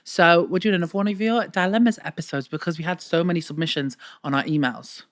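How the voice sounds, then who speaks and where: A woman's voice: fairly low pitch, fast, no echo, clean studio sound. A woman from London co-hosting a podcast in playful casual chat, often slipping into mock accents. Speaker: podcast co-host.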